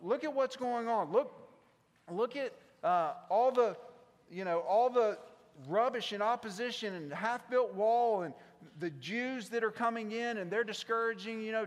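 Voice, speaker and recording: High-voiced Southern preacher in a reverberant hall. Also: male voice, moderate pace. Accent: South Mississippi. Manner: impassioned preaching, swinging from loud to hushed. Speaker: pastor. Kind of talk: sermon.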